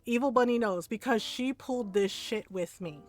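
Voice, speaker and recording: A woman streamer casually telling a story while she plays, animated, tagging lines with "right?" and laughing often. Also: on the high side, normal speed.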